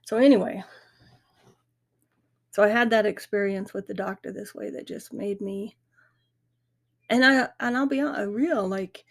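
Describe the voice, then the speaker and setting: A woman's voice: mid-range voice, steady tone, measured pace, long pauses. A middle-aged woman hosting a grief podcast, talking candidly and earnestly in a reflective monologue. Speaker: podcast host. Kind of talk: casual monologue.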